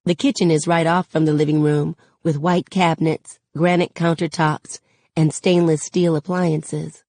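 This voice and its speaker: A woman reading a novel aloud in a steady, unhurried way. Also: sits low, no room sound. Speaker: reader.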